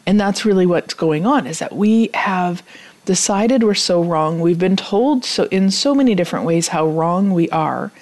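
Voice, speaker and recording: A woman coaching listeners through a spoken self-help talk. She repeats clearing chants quickly and drops to a soft near-whisper on some phrases. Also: lowish voice, expressive.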